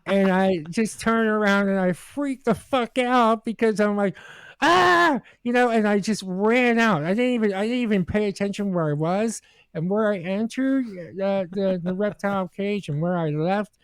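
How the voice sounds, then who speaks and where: A man with a high voice tells a story in casual podcast chat, stumbling over restarts and fillers and growing animated when he acts out what people said. The sound is dry and close, with no room around it. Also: clean tone, dry recording. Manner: halting, with many restarts and fillers; animated when acting out quotes. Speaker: regular co-host telling a story.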